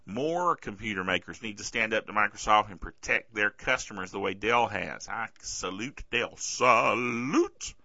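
A man hosting a podcast in a casual, sarcastic tech-news chat, bothered by a sore throat and clearing it often. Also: fairly low pitch, moderate pace, hardly any pauses, bright, forceful tone, dry recording. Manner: chatty, sarcastic, keeps asking "okay?". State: throat trouble, keeps clearing his throat. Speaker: podcast host. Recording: dull lo-fi dry recording.

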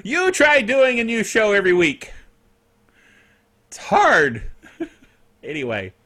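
Middle-aged guy hosting his own podcast, high bright voice, jokey and all over the place. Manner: animated and jokey, playful asides. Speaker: podcast host. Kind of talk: casual solo netcast chat.

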